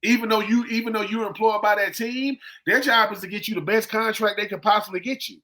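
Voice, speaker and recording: A man with a high, bright voice spins a casual story on a sports podcast. He slips into the voices of the people he quotes. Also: fairly quick. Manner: animated storyteller who acts out quoted people. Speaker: co-host, former football player.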